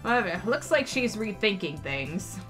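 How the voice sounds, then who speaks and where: A woman's voice: medium pitch, very animated, normal speed, fairly bright tone, faint music behind. A woman hosting a let's play, reading a visual novel aloud with chatty, wry asides.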